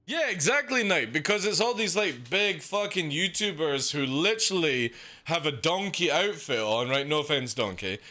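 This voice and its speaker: A young man rants live on a game stream, cursing freely. His voice sits a little high and sounds bright and forceful, and his pitch leaps all over as he mocks others in quick put-on voices. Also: sing-song. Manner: profane, ranting, mocking with quick put-on voices. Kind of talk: casual live-stream rant.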